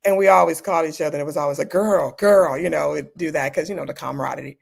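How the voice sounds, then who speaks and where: A woman's voice: low voice, rapid-fire, gravelly, breathy edge. A woman in her fifties, a doctor guest telling frank stories in an interview, with a conversational, dryly humorous manner. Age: 50s. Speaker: guest, emergency doctor and speaker. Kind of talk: candid interview storytelling.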